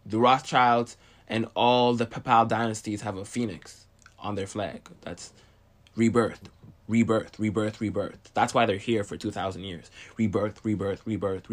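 A young man rambles to camera in a casual, profane monologue. He keeps asking "okay?" and sounds short of breath. His voice sits a little low. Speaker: video host.

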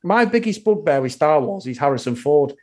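A man's voice: a little high, very animated, a little fast, a little mellow. A man on a casual podcast, ranting bluntly and swearing a lot. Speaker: podcast guest.

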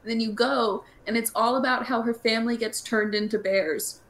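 A woman's voice: fairly high pitch, normal speed. Chatty young woman hosting a podcast. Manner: chatty, animated, frequent "like" fillers and laughter. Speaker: podcast host. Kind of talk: casual podcast chat.

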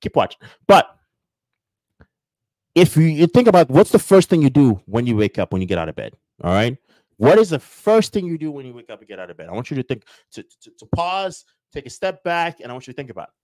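A man's voice: mid-range voice, big pitch swings, fairly quick, a little mellow, dry recording. A man hosting a podcast, giving a joking, preachy motivational monologue and acting out little everyday dialogues. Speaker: podcast host.

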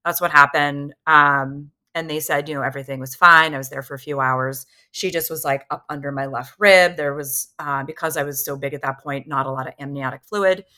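Woman guest, 30s, low voice with a bright, forceful edge, candid animated storyteller. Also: brisk, few pauses. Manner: candid, animated retelling that acts out what others said. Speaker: podcast guest. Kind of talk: personal storytelling in a conversation.

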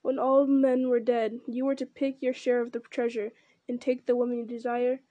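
Woman doing stern old wizard, scolding, mellow low-key tone. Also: flat delivery, moderate pace, no echo, lo-fi sound, lightly acted. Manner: piercing, rebuking.

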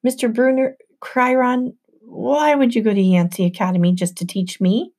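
A woman's voice: fairly high pitch, steady tone, moderate pace, darkish tone, voice pushed up. A woman voicing a confused, earnest boy student in an audiobook. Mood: puzzled. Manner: puzzled and earnest. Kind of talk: audiobook narration.

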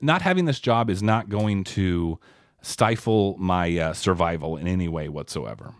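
A man's voice: deep voice, lively intonation, normal speed, dry recording, studio quality. A man co-hosting a podcast in casual chat, rambling through stories with wry asides. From Austin, Texas area. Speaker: podcast co-host.

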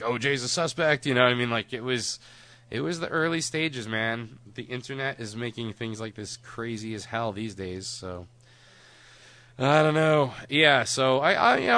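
A man's voice: on the low side, a bit bright. A man co-hosting a podcast, chatting casually and rambling, with frequent laughs and casual swearing. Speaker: podcast co-host.

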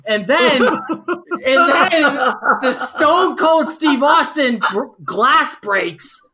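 Tipsy guy in his 40s telling a wild story, swears a lot, voice bouncing all over, bright and sharp. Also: very high voice, extremely slow. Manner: profane, animated storytelling with lots of fillers. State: tipsy from drinking. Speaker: podcast guest. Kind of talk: casual storytelling.

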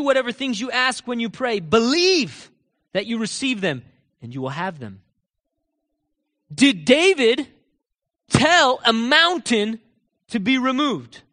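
A man preaching a sermon in a church, emphatic and full of rhetorical questions, sometimes dropping to quiet asides. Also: very high-pitched. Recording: long reverb of a large hall.

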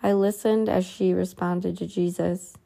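A woman reading a religious book aloud in an earnest tone, adding soft asides of her own. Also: fairly low pitch, flat delivery, measured pace, vocal fry.

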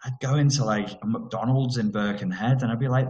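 A man's voice: medium pitch, fairly quick, hardly any pauses, a little mellow. Blunt, sweary man ranting. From Merseyside, England. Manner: sweary, blunt, sarcastic, drops into mocking voices. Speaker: vlogger. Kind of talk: ranting monologue. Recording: roomy echo.

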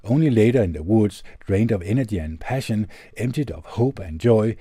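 A man with a Danish accent calmly reading a self-help book aloud on his channel, in a measured way. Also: fairly low pitch, slightly rough, no room sound, studio quality. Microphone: tube studio microphone.

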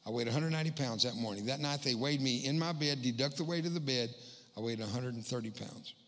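A middle-aged man giving a humorous spoken testimony as a guest speaker in a church, landing quick self-mocking punchlines. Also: medium pitch, a bit bright. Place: church hall. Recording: long hall reverb.

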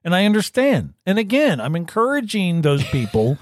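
A man co-hosting a casual podcast, talking fast and swearing a lot as he gets worked up. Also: sits high, huge pitch swings, dry recording. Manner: profane, gets worked up and shouts. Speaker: podcast co-host.

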